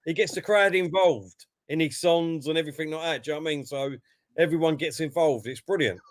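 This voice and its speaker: A man's voice: on the high side, fairly quick, dry recording. Man peppering chat with "know what I mean". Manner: says "you know what I mean" constantly. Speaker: live stream co-host. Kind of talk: casual chat.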